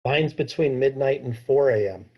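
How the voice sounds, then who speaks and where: A man answering questions as a diabetes educator on a video call, explaining in a measured way. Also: mid-range voice, breathy edge, muffled recording. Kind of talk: informal Q&A talk.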